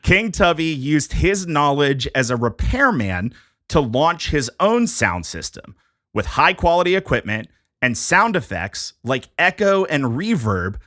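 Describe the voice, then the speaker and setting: Man host, bright tone, dry close sound, casual jokey read of history notes. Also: mid-range voice, big pitch swings, a little slow, dry recording. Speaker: podcast host presenting a history topic. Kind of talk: casual podcast chat, reading prepared notes.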